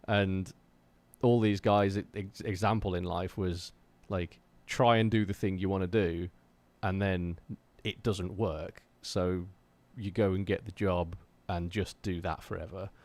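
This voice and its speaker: A man's voice: deep voice, steady tone, a little slow, darkish tone, dry recording. A man with an English accent chatting casually on a live stream, telling stories to his chat and urging viewers to keep going with their creative goals. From England. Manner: rambling, earnest and motivational, many fillers.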